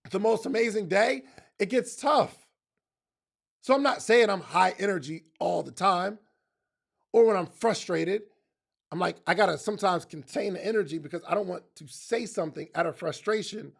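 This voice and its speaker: A man's voice: high-pitched, gravelly, fairly bright tone. A man giving a motivational talk in casual slang, emphatic and speaking straight to his listeners, often repeating phrases for effect.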